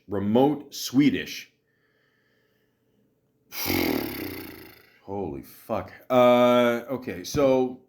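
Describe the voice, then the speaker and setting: A man hosting a podcast alone, chatting casually about a movie in a rambling, joking way, full of swearing, fillers and restarts. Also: medium pitch. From half Italian, half Greek heritage. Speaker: podcast host. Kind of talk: casual solo podcast commentary.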